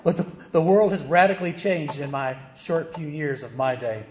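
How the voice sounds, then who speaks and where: A middle-aged man preaches in a relaxed, conversational way, throwing questions out to the congregation. His voice sits a little high for a man and rings through a reverberant church. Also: moderate pace, slight background noise. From American South. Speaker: pastor. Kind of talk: sermon. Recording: echoey church hall.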